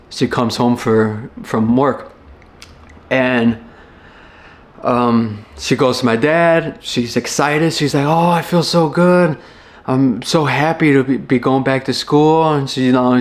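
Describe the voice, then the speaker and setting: A young man from Chicago talks through a personal memory, pausing and restarting as he goes. His voice sits at an ordinary middle pitch, and his delivery is earnest and unpolished. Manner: halting and reflective, many restarts and fillers. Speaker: former firefighter. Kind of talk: personal storytelling.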